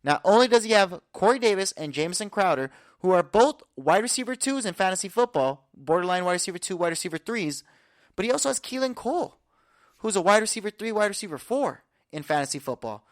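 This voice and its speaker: A man's voice: sits high, fast talker, dry recording, studio quality. Confident man rattling off sports stats. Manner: energetic, confident, stat-heavy rundown. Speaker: podcast host. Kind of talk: casual sports analysis talk.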